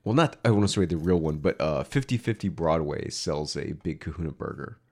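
A man co-hosting a casual podcast, speaking in a dry, deadpan way. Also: very deep voice, a little fast, creaky. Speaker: podcast co-host.

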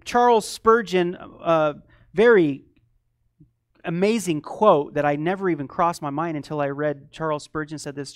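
Animated male preacher, dry close sound. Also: sits high, dry recording. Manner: animated storytelling, swings from loud to quiet. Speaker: pastor. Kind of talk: sermon.

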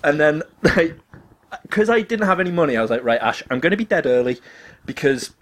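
A man's voice: a little high, very animated, a little fast. A man telling a funny story in casual chat, acting out the quotes and laughing often.

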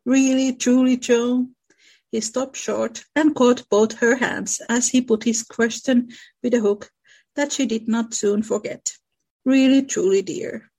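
A woman's voice: on the high side, fairly even intonation, unhurried, a little mellow. Woman reading and discussing a novel. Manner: reads passages plainly, then discusses. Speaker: book club co-host reading aloud.

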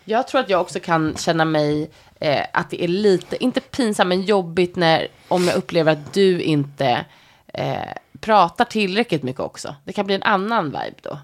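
A woman co-hosting a podcast in casual chat, thoughtful and relaxed, with many hesitations and soft agreeing sounds. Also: lowish voice, normal speed. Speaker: podcast co-host.

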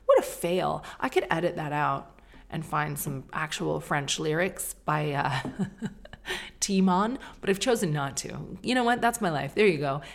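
A middle-aged woman talks on her own podcast in a loose, stream-of-consciousness ramble. Her voice sits on the low side for a woman. She is chatty, mocks herself freely and drops the odd swear word. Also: a little slow, creaky. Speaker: podcast host. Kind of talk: casual podcast monologue.

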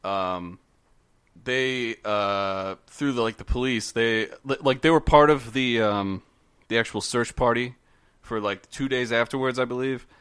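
A man's voice: mid-range voice, unhurried, a bit bright, smooth, dry recording, studio quality. A man hosting a podcast, telling a story in casual chat, rambling with many fillers and restarts. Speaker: podcast host.

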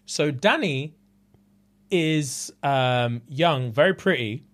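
A man, co-hosting a casual podcast and telling a story in an animated way, full of slang and laughter. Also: a little high, slow. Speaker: podcast co-host. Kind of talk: casual chat.

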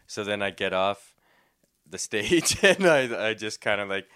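Brief: young male comedian telling a rambling story, bright and clear voice. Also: on the low side, big pitch swings, unhurried. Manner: rambling, filler-heavy, laughing often. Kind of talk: casual storytelling.

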